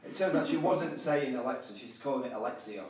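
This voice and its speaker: Fast-talking Yorkshire man, roomy sound. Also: mid-range voice, a crowd in the background. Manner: lively storyteller with frequent restarts. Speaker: guest, life and business coach. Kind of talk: casual conversational interview. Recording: roomy and distant mic.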